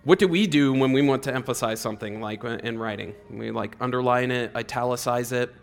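A man preaching a casual, conversational sermon in a church, full of "like" fillers and rising loud on repeated words. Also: mid-range voice, fairly quick, creaky, smooth. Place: church hall.

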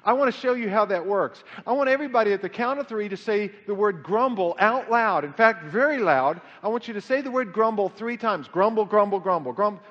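A man preaching a sermon in an animated way, swinging his pitch up and down to act out quotes. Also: a little fast, hardly any pauses. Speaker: pastor. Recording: dull lo-fi sound with long hall reverb.

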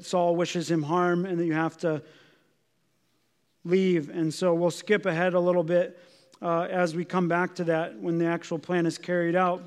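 A man's voice: high voice, smooth. A male pastor preaching an expository sermon in an earnest, emphatic manner, often asking his listeners rhetorical questions. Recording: long reverb of a large hall.

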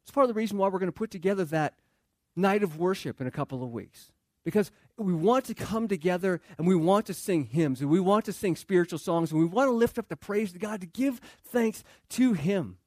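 High-voiced man preaching a sermon. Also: expressive, fairly quick, darkish tone, dry recording. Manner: conversational, repeats and restarts phrases, rhetorical questions to congregation. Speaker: pastor.

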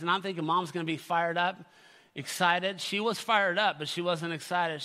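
A man's voice: sits high, steady tone, fairly quick, bright, forceful tone, in a large hall. A middle-aged man preaching a sermon to his church, earnest and calling out to the congregation. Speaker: pastor. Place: church sanctuary.

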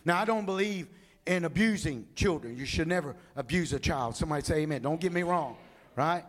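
Lively high-voiced preacher. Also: male voice, fairly quick. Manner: animated storytelling, acts out people. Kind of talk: humorous sermon.

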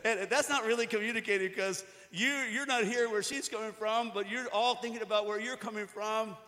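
In a church hall before an audience, a pastor preaches with a high, steady, sharp voice at a slightly fast pace. He talks casually, jokes and acts out little quotes, and the recording has hall reverb with music in the background.

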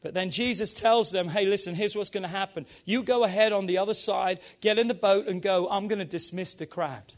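A man preaching a sermon as pastor, energetic and emphatic, urging his congregation on. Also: high-pitched, brisk, few pauses.

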